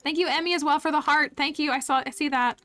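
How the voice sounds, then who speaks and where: A woman's voice: sits high, steady tone, quick pace, fairly bright tone, no echo, soft background music. A woman chatting casually to viewers while streaming a farming game, giggly and talkative. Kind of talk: casual live-stream chat while gaming.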